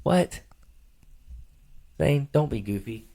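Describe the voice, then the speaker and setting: A man's voice: medium pitch, expressive, slow, gravelly, dark tone. A middle-aged man co-hosting a casual sports-picks podcast, teasing and playfully bossy as a father.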